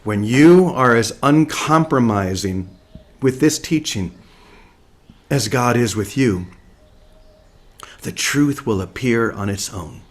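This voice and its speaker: A man from Oregon giving a slow, deliberate spiritual talk to his community and repeating key phrases. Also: mid-range voice, lively intonation. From Portland, Oregon, USA. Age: young adult. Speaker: spiritual teacher. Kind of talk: spiritual talk to an online group.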